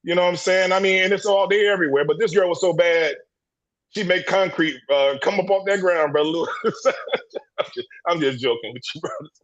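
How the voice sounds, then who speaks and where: Brisk and high-pitched with a fairly bright tone, this man's voice reaches us through lo-fi sound on a livestream video call. He is a panelist in an impassioned men's discussion group, emphatic and preachy, with repeated words and restarted sentences.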